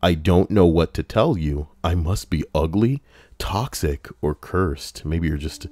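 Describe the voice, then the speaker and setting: A man's voice: deep voice, animated, a little slow, a little mellow. A man streaming casual commentary while reading online posts, rambling with crude, sarcastic asides.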